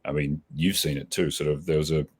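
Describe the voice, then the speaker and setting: A man's voice: very deep voice, steady tone, fairly quick, slightly rough. A man in his forties with an Australian accent, answering interview questions in a reflective, casual way with many restarts. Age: 40s. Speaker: podcast guest.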